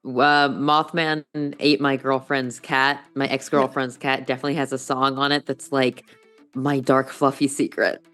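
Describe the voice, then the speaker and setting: A woman playing a tabletop game, describing scenes in an unhurried storytelling way. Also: rumbling low, level tone, fairly bright tone, soft background music. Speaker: player. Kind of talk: casual tabletop play.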